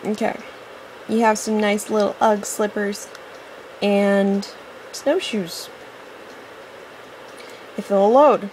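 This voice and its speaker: A woman hosting a let's-play offers casual, rambling gameplay commentary in a mid-range, darkish voice that stays steady and slow, with frequent pauses and a little hiss or hum. She's chatty, often drops apologetic asides, and grows impatient with the game.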